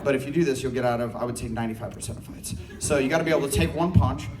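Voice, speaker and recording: A man performing a loud, animated, profane stand-up set and bursting into screams. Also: medium pitch, rapid-fire. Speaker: stand-up comedian. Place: large university hall with a live audience. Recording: distant mic, loud crowd noise.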